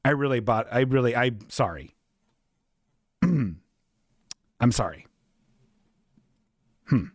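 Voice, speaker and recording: A man's voice: mid-range voice, expressive, takes it slowly, pauses often, dry recording, clean studio sound. A man hosting a comedy livestream in casual chat, rambling and self-deprecating, often laughing at his own asides. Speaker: podcast host.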